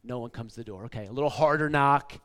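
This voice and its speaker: A man's voice: mid-range voice, fast, fairly bright tone. A man in his forties preaching a casual, conversational sermon, often checking in with "okay?" and "like.". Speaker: pastor. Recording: long hall reverb.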